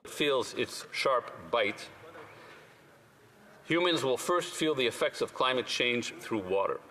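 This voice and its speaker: A man who is a member of parliament, giving a measured, earnest and persuasive formal speech in a large legislative chamber. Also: mid-range voice, lively intonation, bright, forceful tone. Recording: long chamber reverb with faint room noise.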